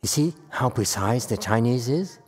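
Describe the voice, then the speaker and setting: A woman giving a Buddhist Dharma lecture to a live audience. She is emphatic and playful, swinging from quiet asides to loud outbursts. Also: a bass voice, animated, moderate pace, slightly rough. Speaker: Buddhist teacher. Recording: echoey hall with long reverb.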